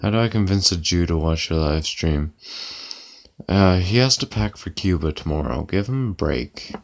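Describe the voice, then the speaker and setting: Tired monotone man, deep and gravelly. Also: normal speed. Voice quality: monotone delivery. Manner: lazy, low-energy, deadpan. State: tired and yawning. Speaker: livestreamer. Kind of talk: casual live-stream chat. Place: at home, lying back comfortably.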